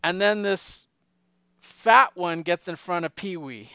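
A man casually retelling a movie plot, animated and acting out the characters' lines in raised voices. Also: high voice, slow pace, clean tone, no room sound, dull audio.

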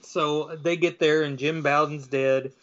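A man's voice: a little high, a little slow, highs cut off. A man in casual chat, retelling comic book stories and briefly acting out the characters' lines. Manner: animated storyteller acting out voices.

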